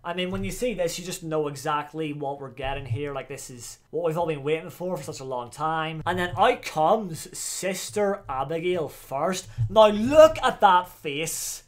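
A man giving excitable, slangy commentary while reacting to a wrestling video. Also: a little high, moderate pace, hardly any pauses.

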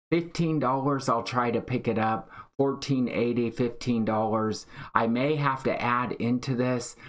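A man hosting a live day-trading stream, excitedly reading out chat and calling trades. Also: mid-range voice. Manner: excited, hyped, reads chat aloud. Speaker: day-trading livestream host.

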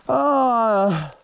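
A man's voice: very high-pitched, vocal fry, muffled recording, a little hiss or hum. A man who is a long-distance hiker, talking to camera outdoors on a mountain road while he walks, exclaiming, swearing freely and whooping. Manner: exclamatory, profane, laughs often, loud whoops. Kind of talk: casual walking vlog monologue.

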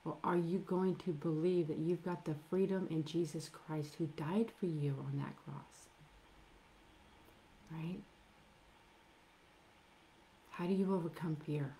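A middle-aged woman delivers a sermon at an unhurried pace in a somewhat low voice. She leans hard on key words, stretches them out, and sometimes sinks to a hushed near-whisper. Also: steady tone, slight background noise. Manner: emphatic, with slow drawn-out stresses and soft near-whispered asides. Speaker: preacher.

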